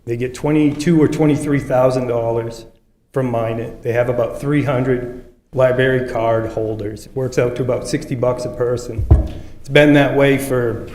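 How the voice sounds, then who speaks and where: A man's voice: mid-range voice, dark tone. A man giving offhand, rambling public comment at a city council meeting, correcting himself as he goes. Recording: echoey council chamber.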